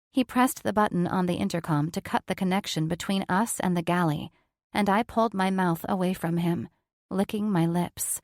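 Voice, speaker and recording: A woman narrating a first-person romance audiobook in a smooth, even storytelling voice on a close mic. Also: on the low side, moderate pace, dry recording.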